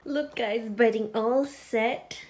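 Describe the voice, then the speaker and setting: An excitable young woman in her twenties chats to her phone camera in a casual vlog, her talk full of "like" and small laughs. She is filming in a bare, empty flat, so her voice carries a slight room echo. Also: a little high, slow. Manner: chatty, excitable, filler-heavy with frequent laughs. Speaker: vlogger. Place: empty echoey flat indoors.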